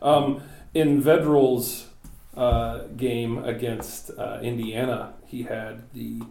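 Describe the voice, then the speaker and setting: Man, podcast co-host, mid pitch, hesitant chatty delivery, echoey room. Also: level tone, takes it slowly, gravelly, mellow. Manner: chatty, hesitant with lots of ums. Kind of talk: casual podcast chat.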